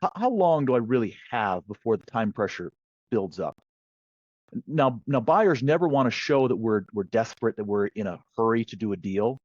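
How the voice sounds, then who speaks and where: Lively storytelling man, muffled dry sound. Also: fairly low pitch, moderate pace, no echo. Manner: lively storyteller who acts out quoted voices. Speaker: sales negotiation guest. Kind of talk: conversational podcast interview. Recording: dull, slightly lo-fi dry sound.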